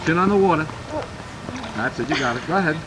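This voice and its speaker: A man teaching a child to swim at a camp pool, giving brisk, commanding directions with bursts of encouragement while explaining his method to watching staff. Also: fairly high pitch, expressive. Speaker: swim instructor. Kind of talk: poolside swim coaching and demonstration. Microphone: camcorder mic. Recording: noisy 1990s camcorder audio.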